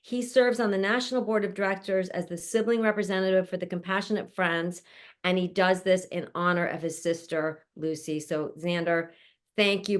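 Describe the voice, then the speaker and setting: A woman hosting an online panel, introducing each guest in an effusive, chatty way and laughing often, speaking from home. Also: lowish voice. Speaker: show host introducing a panel. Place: at home, mother nearby.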